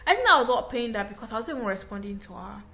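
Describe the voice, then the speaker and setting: A young woman, an English teacher, telling a personal story in a casual, animated, emphatic way with frequent restarts. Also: fairly high pitch, rapid-fire, gravelly.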